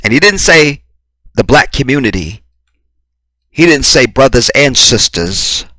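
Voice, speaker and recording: Combative, bright-voiced male commentator. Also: medium pitch, expressive, unhurried, no echo. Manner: combative, rhetorical, profane. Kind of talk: reaction commentary.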